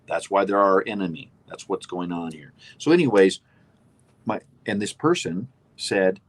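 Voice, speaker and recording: A man's voice: low voice, moderate pace, husky. A man co-hosting a casual political chat show, emphatic and opinionated, rambling with restarts. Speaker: co-host.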